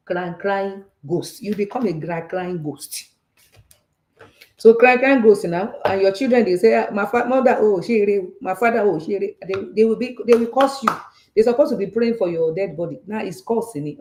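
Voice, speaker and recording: Warm-voiced Nigerian woman, animated host. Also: medium pitch. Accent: Nigerian Yoruba. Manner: animated and repetitive, with frequent rhetorical checks. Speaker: talk show host on personal finance. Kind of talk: casual teaching talk, switching between English and Yoruba. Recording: roomy echo.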